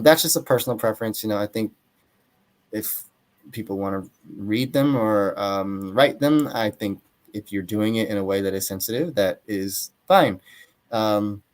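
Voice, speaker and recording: A young man from Atlanta, Georgia, losing his voice, talking thoughtfully in an interview as an author guest, with many fillers and hedges. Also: on the low side. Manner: thoughtful, hedging, frequent fillers. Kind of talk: casual interview talk.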